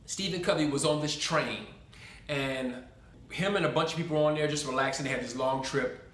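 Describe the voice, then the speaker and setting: A man's voice: a little high, a little fast, fairly bright tone. A man hosting a talk about faith, telling a story earnestly and in a preaching tone, with some restarts. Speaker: host. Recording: echoey room.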